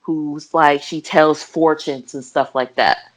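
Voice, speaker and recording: A woman's voice: low-pitched, slow pace. A young adult woman co-hosting a podcast, chatting casually and laughing often as she retells scenes in acted-out voices. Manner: giggly, animated retelling with voiced quotes. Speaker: podcast co-host. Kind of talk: casual chat.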